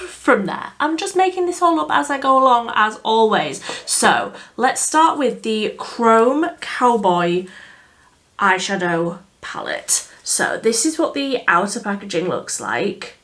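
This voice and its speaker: A woman's voice: mid-range voice, a bit bright. A woman with a Yorkshire accent, chatting enthusiastically through a makeup review, with fillers and laughs. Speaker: beauty vlogger. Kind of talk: casual makeup review chat. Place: indoors under artificial light.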